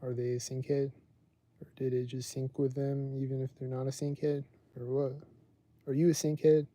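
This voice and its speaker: This livestream host chats loosely and wanders off topic, saying "like" constantly. He speaks in a mellow, mid-range voice with a flat delivery and a moderate pace.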